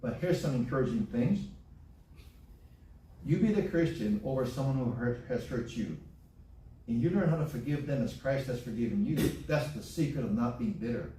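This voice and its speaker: Male preacher, sermon, folksy, repeats himself for emphasis, mellow voice, echoey hall from far off. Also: mid-range voice, expressive, normal speed, a little hiss or hum. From Hawaii. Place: church sanctuary.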